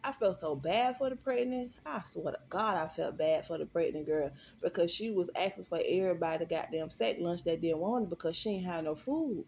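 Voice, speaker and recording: Animated, swearing woman telling a story. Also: fairly low pitch, brisk, creaky, few pauses, slight background noise. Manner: animated, profane and emphatic. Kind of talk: storytime vlog.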